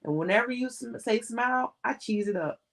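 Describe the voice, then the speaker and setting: A woman's voice: a little high, animated, brisk, voice pushed up, rough recording. A woman reading as a blunt, fed-up young singer. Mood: weary. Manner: blunt and challenging.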